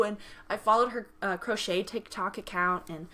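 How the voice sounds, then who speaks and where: A young woman hosting a casual podcast chat, with a bright, forceful voice pitched a little high. She tells stories animatedly, switching into the voices of the people she quotes and laughing often. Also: brisk, few pauses. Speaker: podcast host.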